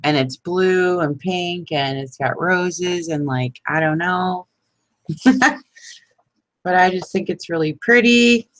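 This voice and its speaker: A middle-aged woman who runs a craft vlog chats casually while making crafts, rambling, laughing a lot and teasing herself. Her voice sits fairly low and a bit bright, she talks slowly, and there's no echo.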